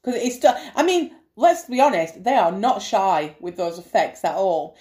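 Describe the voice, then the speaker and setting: A woman's voice: medium pitch, lively intonation, moderate pace, a little mellow. A woman co-hosting a casual film review podcast, enthusiastic, laughing often and swearing freely. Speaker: podcast co-host.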